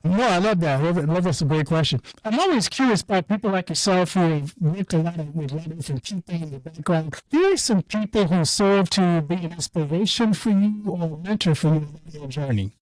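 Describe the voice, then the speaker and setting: A man from Ireland hosting a podcast, asking questions eagerly and warmly enthusiastic. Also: a little high, animated, brisk, hardly any pauses, dry recording, rough recording. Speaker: podcast host. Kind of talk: casual interview chat.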